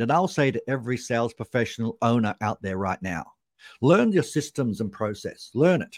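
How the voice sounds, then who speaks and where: A man's voice: mid-range voice, expressive, moderate pace, dry recording, clean studio sound. A man, a sales trainer explaining his method as a podcast guest, punchy and repeating key points for emphasis.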